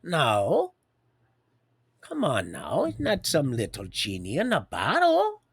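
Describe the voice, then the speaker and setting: An older man hosting a livestream, giving a halting, preachy spiritual monologue that drops to whispers and rises to loud declarations. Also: a little high, wildly swooping pitch, creaky, slightly rough, no echo, studio quality. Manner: halting, many restarts. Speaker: livestream host.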